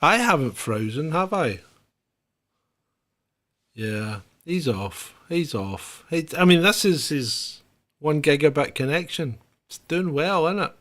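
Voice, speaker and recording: A man hosting a casual chat show, chatty and unhurried, talking to his viewers. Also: on the high side, expressive, a bit bright. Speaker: host.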